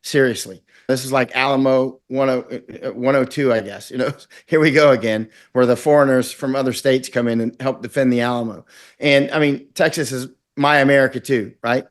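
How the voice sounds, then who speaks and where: A middle-aged man from Florida speaks as an interview guest at an ordinary pitch. He talks intensely and rambles, slipping into acted-out quotes as he goes. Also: fairly even intonation, brisk. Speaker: guest, war correspondent. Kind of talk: conversational interview.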